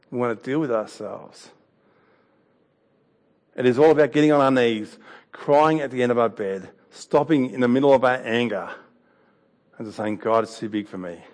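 A man's voice: mid-range voice, darkish tone. A man preaching a sermon, telling a story and an anecdote in a conversational way with some laughs.

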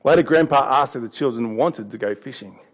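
A man's voice: mid-range voice, brisk. A man preaching a sermon, telling a story and an anecdote in a conversational way with some laughs.

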